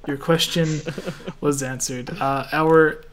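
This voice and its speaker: A man from Canada hosting a casual gaming podcast, relaxed and laughing often as he reads listener questions. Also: on the high side, slow pace, a little hiss or hum. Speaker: podcast host.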